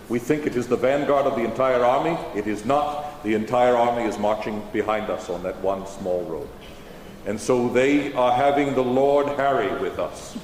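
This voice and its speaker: A stately, formal George Washington, as a re-enactor plays him, speaking in old-fashioned phrasing at an even middle pitch. The voice rings through a large auditorium with a long tail of reverb and a faint hum underneath. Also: male voice, natural voice. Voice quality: formal eighteenth-century diction. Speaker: historical re-enactor. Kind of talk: in-character stage Q&A. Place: high school auditorium stage.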